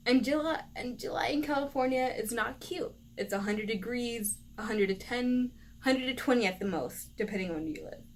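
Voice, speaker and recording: Animated young woman telling a story. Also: fairly high pitch, normal speed, few pauses, a little hiss or hum. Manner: animated, lively retelling with laughs. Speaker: vlogger. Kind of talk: personal storytelling.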